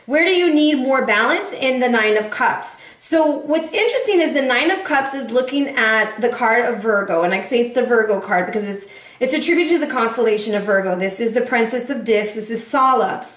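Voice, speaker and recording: A woman giving a casual tarot reading, sassy and animated, talking straight to her viewers. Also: a little high, a little fast, reverberant. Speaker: tarot reader.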